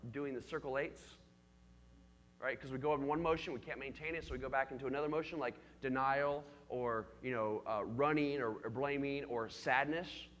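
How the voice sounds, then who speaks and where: A man's voice: medium pitch, a bit bright, big-room sound, slight background noise. A man leading a church youth group, teaching in an engaging way and calling on the young people by name with questions.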